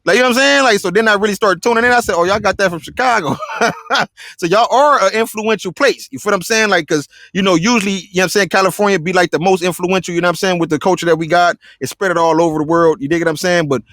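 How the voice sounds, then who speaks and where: La guy hosting a chill interview, talks fast and slangy, dry close sound. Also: sits high, fairly bright tone, no echo. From South Central Los Angeles. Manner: laid-back slangy talk, keeps asking "you feel what I'm saying". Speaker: interview host. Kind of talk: casual interview chat.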